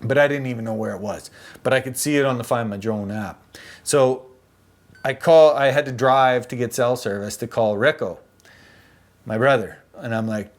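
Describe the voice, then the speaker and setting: Casual male vlogger, mid-pitched, chatty and animated, loose slangy storytelling. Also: normal speed.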